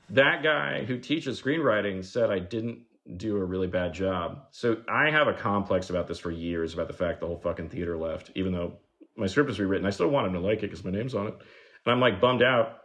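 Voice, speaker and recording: A man guesting on a podcast, telling stories in a casual, animated way, saying "like" a lot and acting out the people he quotes. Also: low-pitched, fairly quick. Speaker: guest screenwriter.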